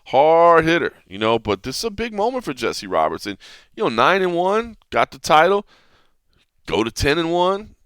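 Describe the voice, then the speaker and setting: A man's voice: on the high side, moderate pace, clear, resonant tone, no room sound, clean studio sound. A man hosting a podcast, talking in a loose, rambling way and correcting himself as he goes. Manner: rambling, animated, corrects himself mid-sentence. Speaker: podcast host. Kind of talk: casual podcast commentary.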